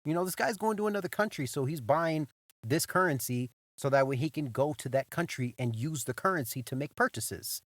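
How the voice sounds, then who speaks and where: A young man hosting a podcast, telling a story in a loose, animated way, full of swearing and "bro", circling back and repeating himself. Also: a little high, brisk, no echo, clean studio sound. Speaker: podcast host. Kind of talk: casual storytelling monologue.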